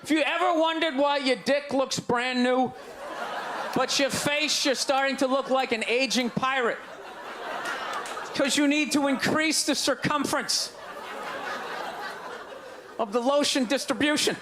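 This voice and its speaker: A man's voice: very high voice, a little slow, long pauses. A middle-aged man with a Boston accent doing a brash, ranting stand-up set, mocking the crowd. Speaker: stand-up comedian. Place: comedy stage before a live audience. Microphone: handheld stage mic. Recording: live club recording with crowd noise.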